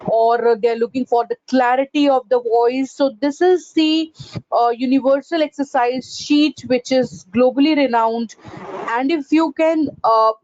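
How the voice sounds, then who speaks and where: A woman's voice: high voice, fairly even intonation, unhurried, darkish tone, no echo. A woman leading an online pronunciation training session, explaining step by step with frequent "uh, you know" and "right?" checks. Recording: dull lo-fi recording.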